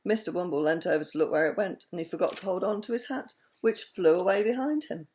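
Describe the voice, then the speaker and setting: A woman reading a children's story aloud in an expressive, animated way. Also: on the low side, fast talker.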